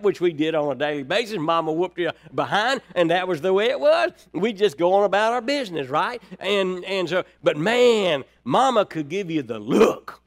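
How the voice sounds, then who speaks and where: A man preaching a sermon, folksy and dynamic, dropping to near-quiet then rising high and loud. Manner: dynamic, swings from soft to loud, folksy asides.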